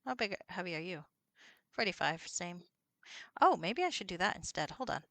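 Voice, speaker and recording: A woman's voice: on the low side, sing-song, normal speed, a bit bright, dry recording. A woman streaming a computer role-playing game, chatting casually, swearing and reading out the characters' lines. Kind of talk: casual let's-play chat with read-aloud dialogue.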